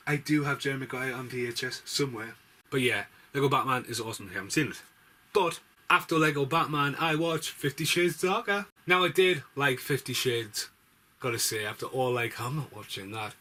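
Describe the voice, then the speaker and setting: A man's voice: mid-range voice, sharp tone. A man reviewing movies in casual, rambling chat, swearing freely as he goes.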